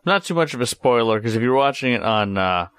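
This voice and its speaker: A man co-hosts a casual review podcast, and his talk halts and restarts around fillers. His pitch sits in the middle, and the recording is dry and close. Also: expressive, fairly bright tone, smooth, no room sound. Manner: halting, filler-heavy. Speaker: podcast co-host.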